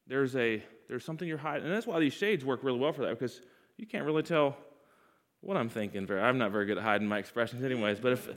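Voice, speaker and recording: A man preaching a sermon, leading his congregation in call-and-response with emphatic repetition, swinging between loud, raised passages and hushed, low ones. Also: expressive, fast talker. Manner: sweeping pitch and loudness swings between loud highs and hushed lows.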